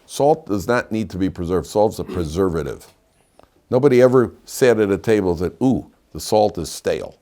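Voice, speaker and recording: A man's voice: deep voice, animated, normal speed, mellow. An older man from Chicago, teaching a casual Torah class, rambling through anecdotes with lots of restarts. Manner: chatty, digressive storyteller with frequent restarts.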